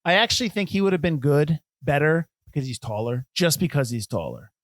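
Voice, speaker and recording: A man co-hosting a casual film podcast, rattling along at a quick clip. He rambles and restarts his sentences as he gets going. The sound is dry and close, with no room. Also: fairly high pitch, no echo. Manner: fast, animated, rambly with restarts. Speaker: podcast co-host. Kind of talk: casual chat.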